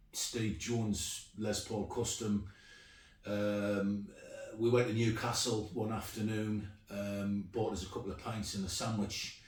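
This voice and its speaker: A man's voice: fairly low pitch, darkish tone. A middle-aged man, chatting casually and rambling with plenty of ums as he shows off his guitars. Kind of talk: casual show-and-tell. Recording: echoey room, mic at a distance.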